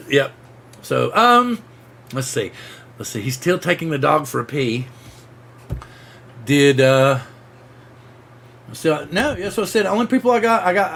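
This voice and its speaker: A man hosting a casual live-streamed drone show, excitable and rambling, full of restarts and acted-out sound effects. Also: on the high side, creaky.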